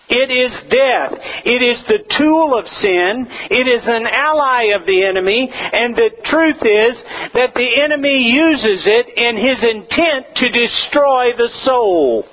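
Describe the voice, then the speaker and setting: A man's voice: extremely high pitch, dull audio, a little hiss or hum. A man preaching a sermon as pastor, emphatic and repeating his key phrases to drive them home.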